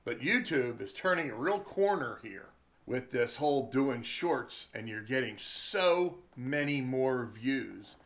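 A man with a mid-pitched voice tells stories at an unhurried, drawn-out pace. His delivery is chatty and wry, like a charter captain spinning yarns. He speaks from a room indoors. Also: lively intonation, fairly bright tone. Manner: slow, chatty, wry storytelling. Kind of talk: casual storytelling vlog.

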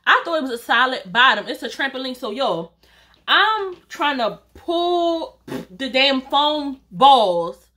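A woman YouTuber shares a storytime vlog, speaking slowly in a high-pitched voice. She's animated and chatty, talks straight to her viewers, and swears casually.

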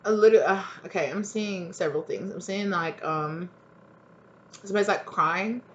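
A woman's voice: fairly low pitch, normal speed, a bit bright, muffled recording. A woman doing a casual tarot reading for her channel, chatty and blunt and full of fillers. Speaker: tarot reader.

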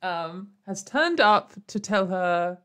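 A woman's voice: mid-range voice, animated, takes it slowly, a bit bright, smooth. A woman hosting a casual commentary show, rambling and sarcastic, with lots of fillers and little laughs. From United Kingdom. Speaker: commentary video host.

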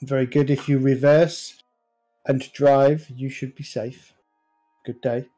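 A man's voice: medium pitch, level tone, slow, dark tone, soft background music. A man doing a coolly polite Mexican-accented gatekeeper. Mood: cold polite. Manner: stiff, formal courtesy. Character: big burly male gatekeeper, coolly polite and menacing.

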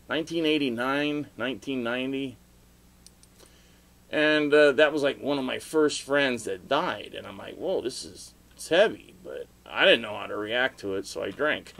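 A middle-aged man rambling through a story for his video blog, with sudden loud outbursts and laughter along the way. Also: mid-range voice. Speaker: vlogger telling stories.

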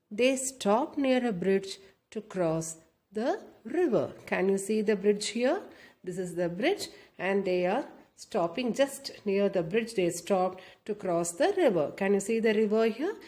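Lady reading a kids story slow, stops to explain pics and asks the kids stuff, normal pitch. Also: a little mellow. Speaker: children's storyteller.

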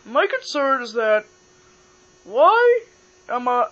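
A woman's voice: high-pitched, big pitch swings, slow pace, heavily acted. A woman voicing a polar bear toy who talks hesitantly and loses her train of thought. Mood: muddled. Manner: hesitant, muddled. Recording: dull lo-fi with mains hum.

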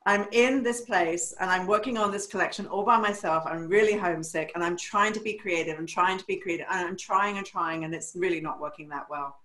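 An older woman from England, a hairdresser telling stories in an interview, animated and acting out the voices of people she quotes. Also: lowish voice, a little fast, hardly any pauses, reverberant, rough recording. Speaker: hairdresser and educator. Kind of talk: storytelling in a podcast interview.

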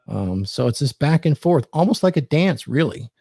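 A man's voice: a little high, big pitch swings, normal speed, gravelly, dark tone, slightly rough, no room sound, clean studio sound. A man hosting a podcast, giving dating advice in casual chat and acting out quoted lines in a commanding tone.

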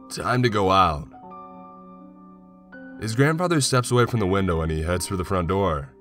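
A man narrating a horror story in a slow, measured way. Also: low voice. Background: soft music.

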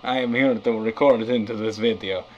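A man's voice: lowish voice, steady tone, brisk, dull audio, lightly acted. A man putting on a bad Russian-accent comrade. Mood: boastful. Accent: fake Russian accent. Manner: rambling, improvised, mock-Russian grammar. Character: sleepy male Russian comrade talking telepathically. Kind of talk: amateur comedy skit.

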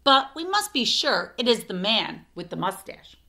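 A woman's voice: a little high, big pitch swings, normal speed, creaky, pushed and bright, exaggerated voice. A woman voicing a kindly, earnest elephant king in a children's storybook.

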